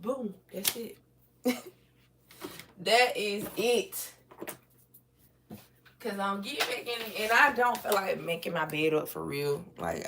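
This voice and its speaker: A woman's voice: low-pitched, a bit bright, far from the mic, a little hiss or hum. Chatty American woman live-streaming from home. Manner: loose and chatty, talking to chat viewers, swears freely. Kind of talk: casual live-stream chat. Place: home, moving about the room. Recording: roomy sound, voice off the mic.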